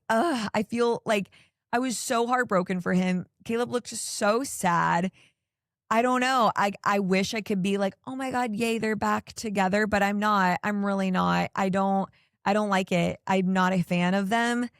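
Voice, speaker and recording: A woman's voice: mid-range voice, steady tone, unhurried, no echo, clean studio sound. A woman hosting a podcast, recapping reality TV in an exasperated, rambling way, full of "like" and "I don't know". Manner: exasperated, opinionated ranting. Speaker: podcast host. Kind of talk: casual reality TV recap chat.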